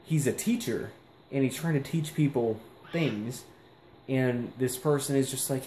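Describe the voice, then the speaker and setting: A young man talks through a casual vlog, wandering and reflective, full of likes and ums. His voice sits at an ordinary middle pitch. The room around him is echoey with a faint hiss. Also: a little slow, dark tone. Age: young adult. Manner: rambling, filler-heavy, reflective. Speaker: vlogger.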